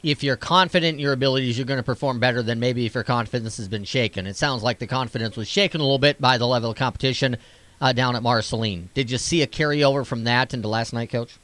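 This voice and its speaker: A man's voice: mid-range voice, fast talker, fairly bright tone, dry recording. A man hosting a radio sports interview, recapping results conversationally before asking his questions.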